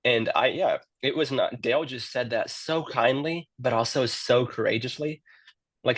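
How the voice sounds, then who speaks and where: A man who works in youth ministry tells his story in a casual interview, often repeating words as he begins a sentence. His mid-range voice is steady and a little fast, with no echo.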